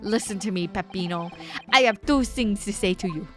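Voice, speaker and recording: A woman's voice: mid-range voice, moderate pace, faint music behind, lightly acted. Pompous French noble schemer, young man, lofty delivery, voiced by a woman. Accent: put-on French. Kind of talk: reading game dialogue aloud.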